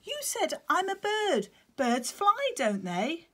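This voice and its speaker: Otto, a woman playing an excitable little penguin chick. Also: very high-pitched, slow, pitched above the performer's own voice, heavily acted. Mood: eager. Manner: eager, bouncy, breathless.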